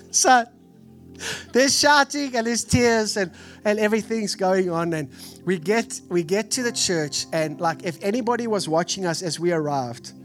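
A man in his forties with a Texan accent, preaching a sermon in an animated, storytelling way. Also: sits high, normal speed, soft background music. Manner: animated storytelling, acts out family voices. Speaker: pastor. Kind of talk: sermon with personal stories.

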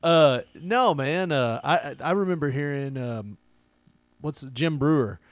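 A man chatting casually on a podcast, laughing between stories and slipping into playful impressions. His voice sits a little high and the sound is dry and close. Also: slow pace, no room sound. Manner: laughs often, animated impressions in quotes. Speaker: podcast co-host. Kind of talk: casual chat.

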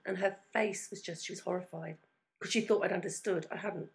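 Brisk, chatty British woman, self-deprecating comic co-host. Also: lowish voice, fairly even intonation. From Britain. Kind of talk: casual chat.

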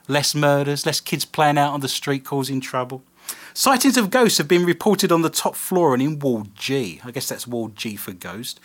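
A man's voice: mid-range voice, fairly bright tone. A man hosting a live radio show, bantering and joking in a playful, teasing way. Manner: playful, teasing, laughs often.

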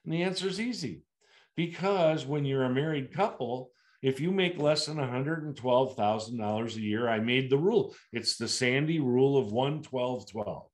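An older man from the United States, a sales producer being interviewed, telling stories animatedly and acting out client dialogue. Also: normal speed. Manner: animated, acts out client dialogue with big pitch jumps.

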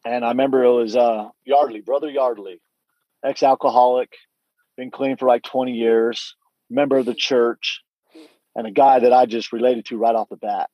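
A man's voice: medium pitch, steady tone, normal speed, dry recording, dull audio. A middle-aged man giving a candid personal testimony, telling his story earnestly with frequent restarts and quoted dialogue.

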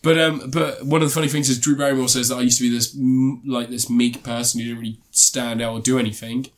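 A man's voice: mid-range voice, flat delivery, fast. A man casually reviewing a TV series in a podcast chat, rambling with many ums and restarts.

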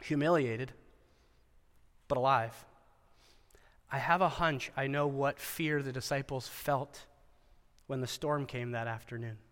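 A man's voice: medium pitch, unhurried, pauses often, fairly bright tone, in a large hall. A man giving a chapel sermon at a Christian school, telling a Bible story with wry asides and dramatic voices for the quoted lines.

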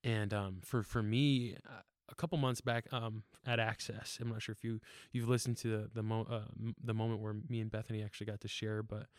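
A man's voice: lowish voice, flat delivery, a little fast, hardly any pauses, no echo, studio quality. A young man talking casually on a podcast, earnest and rambling, laughing often and with fillers. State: tearful. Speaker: podcast guest.

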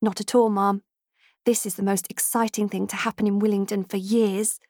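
Woman reader doing a bold young Regency woman, spirited, brisk practical commands, storybook figure, husky, dry recording. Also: medium pitch, little pitch movement, darkish tone, no echo, lightly acted. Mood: eager.

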